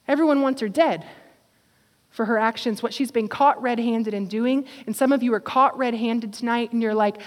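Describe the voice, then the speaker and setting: High-voiced fervent woman preaching in a hall. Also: moderate pace. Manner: passionate, rising to fervent exhortation and dropping to quiet intimacy. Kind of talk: sermon. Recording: long hall reverb.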